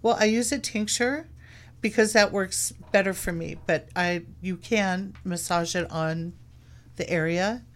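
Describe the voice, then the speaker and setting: A woman guest in a casual chat who talks in a relaxed way with frequent hesitations. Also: medium pitch, unhurried. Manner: relaxed, hesitant, many ums.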